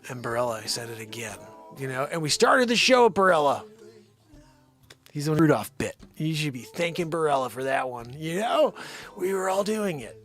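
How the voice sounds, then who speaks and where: A man's voice: on the high side, very animated, normal speed, fairly bright tone, faint music behind. A man hosting a daily live comedy stream from home, rambling loosely, scolding his dogs and calling out viewers' names.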